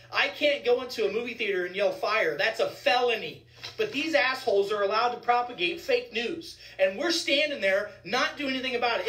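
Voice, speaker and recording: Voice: mid-range voice, a bit bright, recorded from a distance. A physician giving heated vlog commentary, indignant and ranting, repeating points for emphasis. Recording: echoey room, voice set back from the mic.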